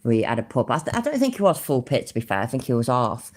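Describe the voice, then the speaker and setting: A blunt British woman reacts to a video on her stream. She swears freely and rants. Her voice sits unusually low for a woman. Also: very animated, fast talker, darkish tone. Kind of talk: casual reaction commentary.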